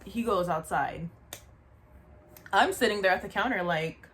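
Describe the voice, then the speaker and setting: A woman's voice: medium pitch, unhurried, slight background noise. Chatty woman telling a storytime tale. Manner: animated, chatty, repeats asides to the viewer. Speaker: storyteller vlogger. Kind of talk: casual storytime.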